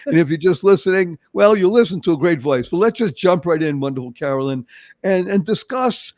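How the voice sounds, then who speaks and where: An older man from Boston with a Boston accent, hosting a motivational interview show with animated, emphatic storytelling. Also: sits high, brisk, no room sound. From Boston, Massachusetts. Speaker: show host.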